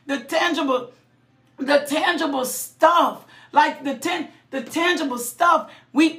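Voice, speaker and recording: A woman with a high voice preaching a passionate sermon. She shouts, breaks into sudden high cries and call-outs, and doubles back over her words as the feeling builds. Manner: halting, repeating phrases. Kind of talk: impassioned sermon.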